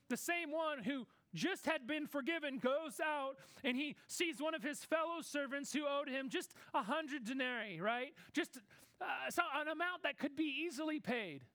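Preacher, male, very high voice, dry close sound, conversational sermon delivery. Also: bright, forceful tone, no room sound. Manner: conversational preaching, acts out Bible characters in quick asides.

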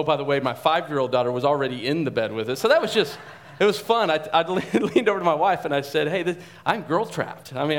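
Man, forties, pastor, sermon, anecdotal, chatty, medium pitch. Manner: anecdotal, chatty and animated, frequent restarts.

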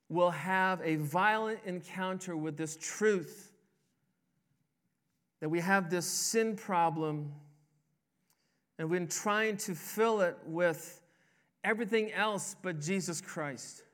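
A man's voice: high voice, slow, long pauses, a bit bright, clean tone. A man preaching a sermon as a pastor, with an emphatic delivery that rises and falls. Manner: emphatic, rising and falling preaching cadence.

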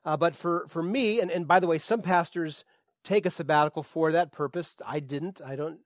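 A man preaches in a loose, conversational manner, often restarting his sentences and using fillers. His voice sits a touch higher than usual. The sound is dry and close, with little room around it. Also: no room sound. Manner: relaxed, chatty, with frequent restarts and fillers. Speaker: pastor. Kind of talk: conversational sermon.

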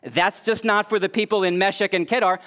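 A male pastor delivers a sermon in an earnest voice that sits high for a man. He climbs to emphatic peaks and then sinks back to soft, low passages. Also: fairly even intonation, a little fast.

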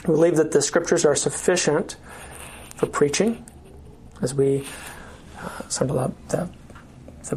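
Brief: lower-voiced woman, church class teacher, conversational, halting restarts. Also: darkish tone. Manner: conversational, with frequent fillers and restarts.

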